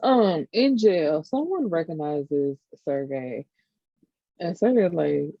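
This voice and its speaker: A woman co-hosts a casual TV recap, her voice low and gravelly with a husky edge. She talks animatedly and acts out the characters' lines. The recording sounds dull and dry. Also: lively intonation, slow, dry recording. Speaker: podcast co-host.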